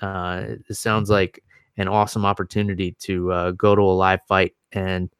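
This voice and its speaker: A man's voice: low-pitched, flat delivery, normal speed, clear, resonant tone, no room sound, studio quality. A man co-hosting a casual mixed martial arts chat, previewing upcoming fights with enthusiasm and the odd swear word. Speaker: MMA podcast co-host.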